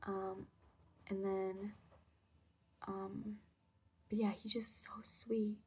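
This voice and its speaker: Whispering woman with a gravelly, breathy voice. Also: mid-range voice, flat delivery, drawn-out words, mellow. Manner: often whispers, rambling with many "um" and "like". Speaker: diary vlogger. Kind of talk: casual spoken video diary.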